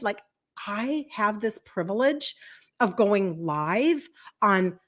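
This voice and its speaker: A woman's voice: fairly high pitch, a bit bright. A woman in her fifties, a health coach talking casually to viewers on a live stream, chatty and rambling, acting out what people said. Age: 50s. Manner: chatty and rambling, acts out quoted speech.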